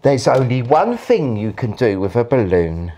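A man's voice: medium pitch, sing-song, moderate pace, dark tone. A man filming a playful vlog in his indoor hallway, talking to himself as he goes. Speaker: YouTuber.

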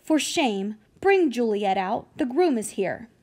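A woman reading as a brisk nobleman father. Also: on the high side, sing-song, darkish tone, exaggerated voice. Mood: grieving. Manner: brisk, ordering servants about. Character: bustling nobleman father of the house.

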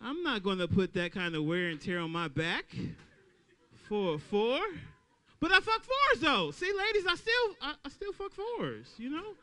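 Man doing stand-up, very high voice, bright and forceful, animated crowd work, comedy club mic. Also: moderate pace.

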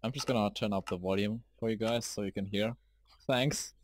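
A fairly low-pitched man talks casually to viewers during a live game stream. He shifts between quiet mumbling to himself and sudden excited outbursts, with a loose, informal streamer manner. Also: fast talker, no echo.

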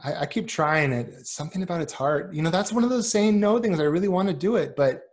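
A man's voice: high voice, lively intonation, fast. A man talking as a guest on a podcast in a casual chat, earnest and a bit rambling. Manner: earnest, rambling, many fillers and restarts. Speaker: podcast guest, business owner.

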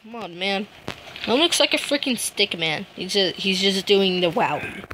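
A woman giving casual gameplay commentary, excitable, humming little tunes and yelping and shouting at other players. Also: mid-range voice, moderate pace, slight background noise. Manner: hums and sings little tunes while playing. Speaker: gamer.

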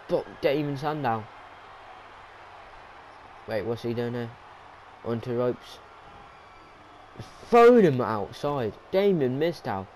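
A man calls a wrestling video game match like a ringside commentator, his voice sitting at an average pitch. He mutters to himself during lulls and bursts into loud, high shouts at the big moves. A faint background hum runs under the recording. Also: slow, long pauses. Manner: jumps from low mutters to yelled excitement at big moves. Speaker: YouTube gamer narrating his wrestling video game league. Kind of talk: excitable play-by-play commentary.

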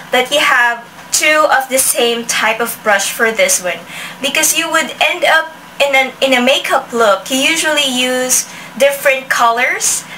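A woman with a high, bright voice chats casually through a product review, often restarting her sentences. She sounds a little far from the mic, with a faint hiss behind her. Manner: chatty, with restarts and frequent "like". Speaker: beauty vlogger.

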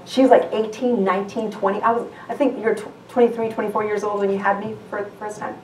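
A woman's voice: medium pitch, flat delivery, quick pace, darkish tone, slight background noise. A woman guest pastor preaching a sermon in a conversational way, often restarting her sentences and asking the congregation questions. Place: church sanctuary. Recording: echoey church hall from far off.

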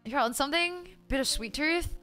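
A woman's voice: sits high, normal speed, soft background music. A young woman from Australia streaming live, chatting casually with her viewers. She swears freely, sounds exasperated and laughs a lot. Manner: loud, profane, exasperated, laughing often. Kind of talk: casual live-stream chat, reading chat aloud.

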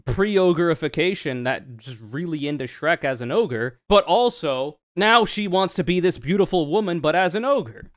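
A man's voice: fairly high pitch, a bit bright, dry recording, studio quality. A young man streaming casual reaction commentary, joking and rambling with a lot of swearing.

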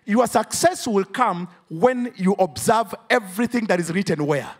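A man's voice: high-pitched, expressive, a little fast, few pauses. A man with a Ugandan English accent preaching a sermon in church, drawing call-and-response from the congregation and rising into sing-song emphasis. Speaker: pastor.

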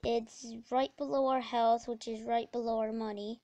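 A woman giving casual, rambling commentary while playing a video game, breaking into sudden excited exclamations. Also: a little high, moderate pace, no room sound, muffled recording. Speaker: let's play gamer.

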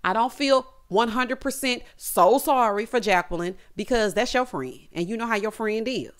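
A woman giving a casual, sassy recap of a reality show, with animated asides to the viewer. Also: on the high side, moderate pace.

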